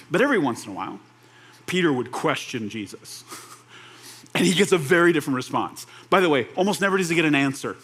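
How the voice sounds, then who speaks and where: A young man preaching a conversational sermon, animated and relaxed, slipping into quoted voices and laughing now and then. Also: fairly high pitch, fast, husky. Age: young adult. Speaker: pastor.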